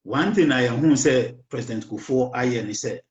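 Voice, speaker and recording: A hoarse man with a Ghanaian accent hosting a talk show, speaking slowly and haltingly and often switching into English. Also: medium pitch, darkish tone, reverberant, muffled recording. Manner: slow, halting, mixes English into Twi. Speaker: radio show host. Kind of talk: casual political talk.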